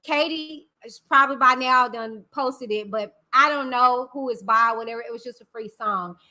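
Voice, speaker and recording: Talking casually to her stream, a high-voiced, bright woman welcomes viewers one by one by name, stretching out her fond greetings. Her computer mic feeds through the live stream software.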